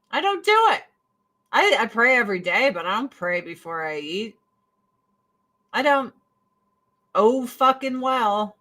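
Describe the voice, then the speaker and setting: Bright-voiced, blunt, swearing woman. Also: mid-range voice. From United States. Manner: blunt, profane, jumping between topics. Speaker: livestream host. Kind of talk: casual rant to viewers.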